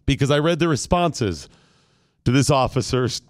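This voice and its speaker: A man hosting a talk show, ranting with mock solemnity and breaking into loud indignant outbursts. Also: medium pitch, lively intonation, moderate pace. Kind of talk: comic rant on a talk show.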